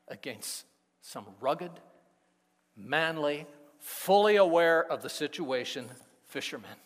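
A man preaching a sermon, with slow, deliberate phrasing that swings between hushed passages and emphatic peaks. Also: on the high side, lively intonation, big-room sound. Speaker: pastor.

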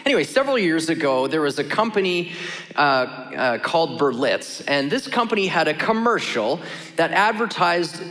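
A man's voice: fairly high pitch, sing-song, moderate pace, a bit bright, soft background music. A man preaching a sermon as a pastor in a casual, joking, conversational way. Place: church sanctuary. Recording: long hall reverb.

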